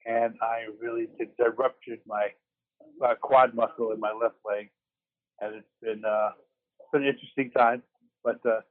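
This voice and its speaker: At a moderate pace and with a flat delivery, a medium-pitched man co-hosts a relaxed sports podcast from a hospital room after surgery. Over a tinny phone line he rambles, makes fun of himself and frequently starts over.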